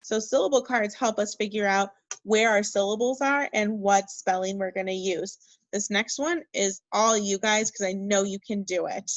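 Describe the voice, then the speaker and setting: A woman teaching a second grade phonics lesson, speaking slowly and encouragingly and spelling words out letter by letter. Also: mid-range voice, dry recording, rough recording. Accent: Minnesota. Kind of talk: recorded remote phonics lesson.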